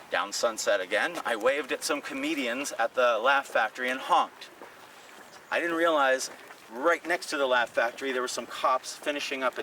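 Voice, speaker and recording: A man's voice: mid-range voice, far from the mic, slight background noise, low-quality recording. A comedian telling stories in casual talk on a city walk, acting out the voices of the people he quotes. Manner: animated, acts out quoted voices. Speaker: comedian and podcast co-host. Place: outdoors on city streets.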